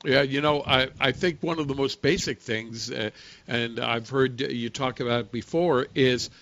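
A man's voice: medium pitch, steady tone, normal speed, a bit bright, no room sound. A man hosting a talk radio show, chatting in an easygoing conversational way with the odd filler.

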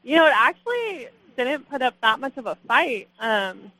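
A woman's voice: high-pitched, sing-song, moderate pace, pushed and bright, no echo, rough recording. A young woman, a guest angler, telling her catch story in a casual, laughing way, full of "like" and "you know". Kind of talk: casual storytelling on a radio show.

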